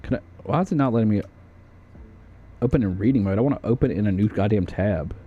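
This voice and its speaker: A man's voice: fairly low pitch, fast, husky, phone-quality sound. A man from the United States doing livestream commentary as he ranks a tier list, rambling and swearing with plenty of fillers and restarts. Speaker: streamer.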